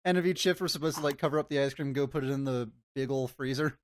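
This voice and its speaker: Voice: mid-range voice, fast. Laid-back young adult telling a story. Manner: laid-back, swears casually. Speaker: podcast co-host. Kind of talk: casual storytelling.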